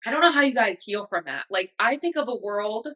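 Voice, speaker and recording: A woman's voice: fairly high pitch, animated, fairly quick, bright, forceful tone, rough recording. A woman in her thirties hosting a podcast, talking in a casual, emotional way with many fillers. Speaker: podcast host. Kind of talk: casual reflective monologue.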